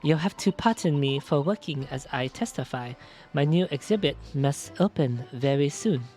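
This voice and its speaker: A man voicing a middle-aged woman wax sculptor with a halting mock-French delivery. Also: fairly high pitch, very animated, darkish tone, soft background music. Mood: haughty. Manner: halting attempt at a French accent.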